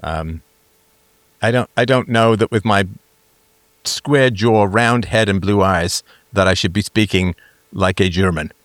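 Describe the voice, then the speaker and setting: A man's voice: fairly low pitch, a little slow, pauses often, no echo. A man hosting a livestream, chatting casually and reading out comments. He rambles with a self-mocking, joking manner. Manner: rambling and self-mocking, with lots of fillers and restarts. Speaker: livestream host.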